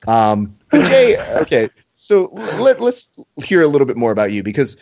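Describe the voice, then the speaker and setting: A man's voice: fairly high pitch, huge pitch swings, normal speed, creaky, darkish tone. Podcast co-host, male, theatrical mock-outrage, somewhat muffled lo-fi sound. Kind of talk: casual banter, playful ranting.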